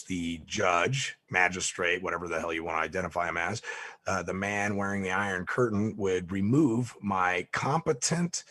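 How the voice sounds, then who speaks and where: A man speaking in an emphatic, lecturing way, stating his points flatly as a guest in a conversation. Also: low-pitched. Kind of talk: conversational interview.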